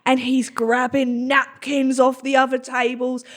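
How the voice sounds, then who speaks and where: A woman's voice: high voice, monotone, unhurried. A woman hosting a podcast in casual chat, teasing her guest and laughing often. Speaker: podcast host.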